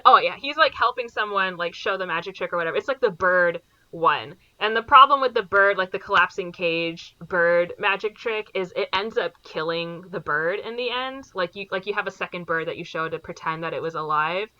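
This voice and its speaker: A woman's voice: mid-range voice, bright, forceful tone, no room sound, muffled recording. A woman co-hosting a podcast, casually recapping a movie plot in a rambling way, full of "like" fillers. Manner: rambling, fills every pause with "like". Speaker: podcast co-host.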